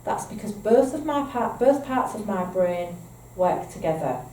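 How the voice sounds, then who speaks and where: A woman with a Northern English accent gives a training presentation to foster carers, explaining points patiently and checking in with "okay?". Her mid-range voice is mellow, with lively intonation and a measured pace. The room is echoey, the mic distant, with faint ambience and slight background noise.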